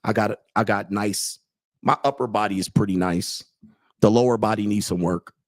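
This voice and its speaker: A man's voice: lowish voice, normal speed, dry recording. A man in his late forties hosts a livestream, talking crude and blunt, mocking and laughing at his own jokes while reading chat. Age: 40s. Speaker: host and dating coach.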